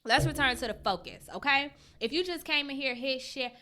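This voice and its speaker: Bright and forceful, her high voice carries a brisk pace as she runs a casual livestream. The young host reads viewer comments and responds in frank, slangy language, swears without hesitation, and greets people by name while talking right to them.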